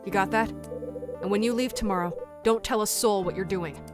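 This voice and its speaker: A woman reading the lines of a world-weary male detective in a lowered, deadpan voice, over game music. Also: a little fast, lightly acted. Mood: protective. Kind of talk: reading game dialogue aloud.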